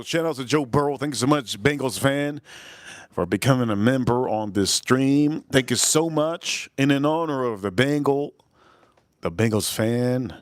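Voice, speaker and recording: A man's voice: medium pitch, dry recording. Rambling man hosting a live whiskey tasting. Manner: rambling, repeats phrases, gives chat shout-outs. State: voice turning deeper, feeling a bit ill. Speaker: live-stream whiskey reviewer. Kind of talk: casual live-stream tasting review.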